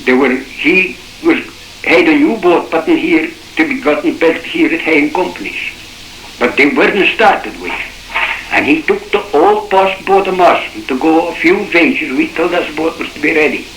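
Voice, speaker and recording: An older man with a Shetland accent tells his story in a rambling, dialect-rich way, breaking off and starting over. His voice is bright and a little high for a man. The old cassette recording sounds roomy, with a faint hiss underneath. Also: lively intonation, normal speed. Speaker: shipwreck survivor. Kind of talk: oral history reminiscence.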